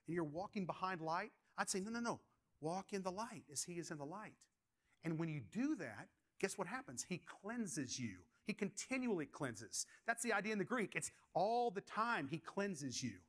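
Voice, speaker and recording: A pastor preaches a sermon at a moderate pace, his high-pitched voice very animated and a bit bright. He asks the congregation questions and shares stories from his own life.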